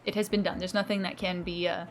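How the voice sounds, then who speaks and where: A woman's voice: on the low side, little pitch movement, fast, soft background music. A woman streamer chatting casually and bubbly with her viewers, laughing often and teasing herself. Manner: bubbly, giggly, self-teasing, reacting to chat. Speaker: game streamer.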